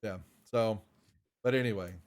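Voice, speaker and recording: A man with a fairly low, clear, resonant voice runs a tabletop game on a live stream as game master, speaking at a moderate pace. He rambles, restarts often, and greets viewers.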